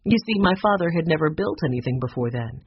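A narrator voicing a kindly older housekeeper, gentle and worried, with a soft, fretful way of talking. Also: medium pitch, lively intonation, quick pace, slightly rough, no room sound. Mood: reminiscing. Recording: dull lo-fi recording.

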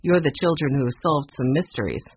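A cold, sly schemer in a storybook, put on by a man, curt and condescending. The voice sits lower than the narration. The recording is muffled. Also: expressive, brisk, slightly rough.

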